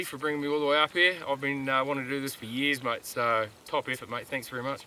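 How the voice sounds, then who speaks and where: A man talking to camera during a mountain hunt, relaxed and chatty, with plenty of ums and uhs, recorded outdoors on a steep slope. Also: medium pitch, quick pace, hardly any pauses, rough recording. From Australia. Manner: relaxed, chatty, lots of filler words. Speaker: hunter filming a hunt. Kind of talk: casual on-camera hunting vlog.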